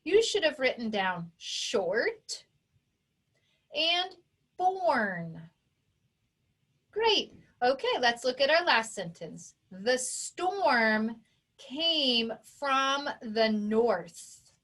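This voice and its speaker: A woman teaching a phonics lesson to young children, who sounds out each sound and syllable with slow, careful emphasis. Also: high voice, very animated, fairly bright tone. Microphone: recorded for an online video lesson.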